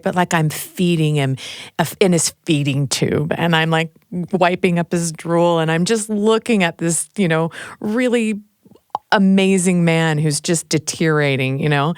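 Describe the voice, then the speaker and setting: Low-voiced woman host, candid and laughing. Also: normal speed, clean tone, no room sound, studio quality. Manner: candid, laughs easily, storytelling. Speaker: talk show host. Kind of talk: casual podcast conversation.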